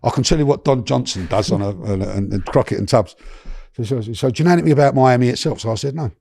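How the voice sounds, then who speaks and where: Middle-aged guest, gravelly, dark tone, animated storyteller with slang and restarts, dry close sound. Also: male voice, mid-range voice, fast talker, no echo. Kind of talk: storytelling in a podcast interview.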